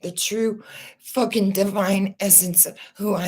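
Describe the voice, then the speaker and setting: A woman's voice: medium pitch, fairly even intonation, a little mellow, husky. A woman host talking raw and tearful in a personal vlog, swearing and stumbling over her words as she vents. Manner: raw, distressed, swearing, halting restarts. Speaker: channel host.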